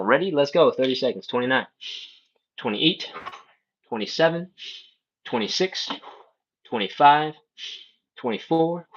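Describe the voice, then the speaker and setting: A man leading a live stretching workout, counting reps and breaths in a calm coaching manner. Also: mid-range voice, muffled recording. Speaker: stretching instructor. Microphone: livestream setup.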